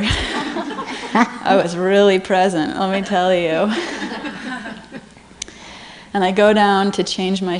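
A woman's voice: on the low side, a little hiss or hum. A woman at a meditation retreat, sharing a personal experience earnestly and emotionally. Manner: earnest, emotional, laughing often. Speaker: retreat participant.

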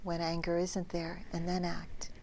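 Middle-aged woman giving a dharma talk, gentle storyteller, goes almost whispery sometimes. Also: fairly low pitch, completely flat delivery, unhurried, a little hiss or hum. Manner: gentle storytelling, drops to a soft near-whisper. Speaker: meditation teacher.

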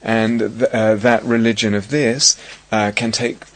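This man, a meditation teacher giving a dharma talk during a retreat, has a lowish voice and keeps his tone level. He feels his way slowly through his words, often pausing and beginning again.

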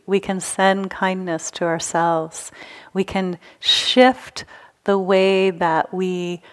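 A woman giving a gentle, engaging dharma talk to a live retreat audience as a meditation teacher. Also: on the low side. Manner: gentle, engaging, asks the audience to raise hands.

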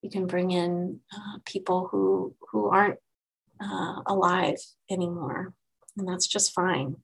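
Woman meditation teacher, gravelly edge, gentle unhurried dharma talk with pauses. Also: lowish voice, steady tone, poor audio.

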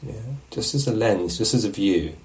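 A man with a fairly low voice gives a loose, conversational dharma talk as a meditation teacher. He often pauses to check in with his listeners with a quick "yeah?". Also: lively intonation, darkish tone.

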